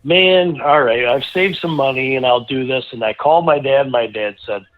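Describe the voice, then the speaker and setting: A middle-aged man, a guest racing driver, telling a rambling, animated anecdote in casual conversation, full of restarts. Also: medium pitch, brisk. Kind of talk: casual storytelling. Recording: tinny phone-like line.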